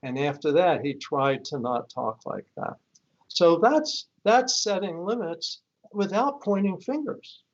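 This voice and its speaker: An older man, a guest expert, calmly explaining and telling case stories in a live-streamed interview. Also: high voice, measured pace. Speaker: guest expert on high-conflict divorce. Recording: dull lo-fi stream audio.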